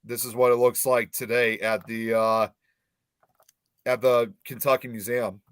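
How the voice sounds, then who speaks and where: Give me a male podcast host with a middle-pitched voice, recorded dry and close. He talks in a loose, rambling way, stumbles over tricky names, and slips into reading from his notes. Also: little pitch movement, a little slow, a bit bright, clean tone, no room sound. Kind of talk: casual horror podcast chat.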